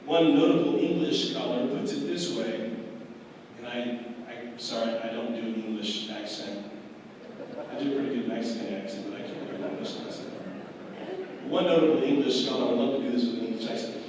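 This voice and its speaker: A man's voice: medium pitch, a little fast, noisy background. A man delivering a sermon as a pastor, acting out dialogue with wry humor and dramatic swings in delivery. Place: large convention hall. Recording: echoey hall, distant mic.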